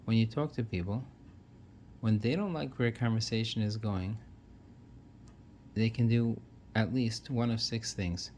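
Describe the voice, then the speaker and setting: A man's voice: lowish voice, measured pace, pauses often, a little mellow, a little hiss or hum. A man giving an earnest, casual talk that lists points one by one, with frequent restarts. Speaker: self-help speaker. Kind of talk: casual explanatory monologue.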